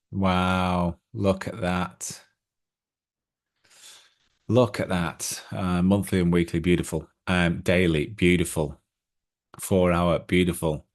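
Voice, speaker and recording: A middle-aged man hosting a crypto trading channel, chatting casually through charts with lots of ums and excited asides. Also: low voice.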